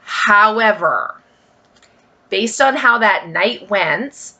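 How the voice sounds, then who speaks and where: Extremely slow, with a lively intonation and a bright, forceful tone, a mid-range female voice carries this casual vlog. She tells stories chattily, leaning on many fillers and emphatic side remarks.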